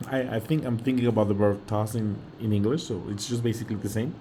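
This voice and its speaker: A man's voice: on the low side, steady tone, quick pace, warm tone, slight background noise. A man with a Mexican accent teaching vocabulary, patiently repeating each word and often checking in with "okay?". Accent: Mexican Spanish. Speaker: Spanish teacher. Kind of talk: slow vocabulary lesson.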